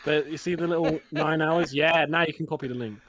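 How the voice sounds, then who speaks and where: A man with a somewhat high voice, a stream guest, talks eagerly and keeps giving quick directions. The sound is dry and close. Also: fairly bright tone, no echo. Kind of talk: casual stream chat.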